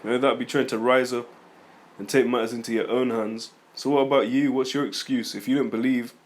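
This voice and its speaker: Casting: man, mid-pitched, informal scripture teacher, rambling, argumentative, talks back to critics. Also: fairly even intonation, brisk. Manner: rambling, conversational, reads scripture aloud then comments; argumentative, addresses critics directly. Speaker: religious teacher.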